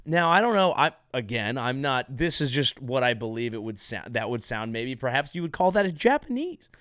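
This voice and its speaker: A man's voice: medium pitch, very animated, moderate pace, a bit bright, no echo, studio quality. A male comedian hosting a podcast, delivering a sarcastic, rambling monologue full of restarts and mock-grand declarations. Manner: sarcastic, rambling, self-interrupting.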